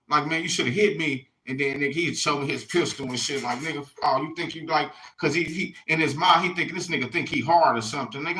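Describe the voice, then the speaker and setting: A man vlogs to his viewers in a rambling, casual monologue, swearing freely and looping back with "you hear me". His voice sits a little high and rings bright and sharp. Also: rough recording. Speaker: vlogger.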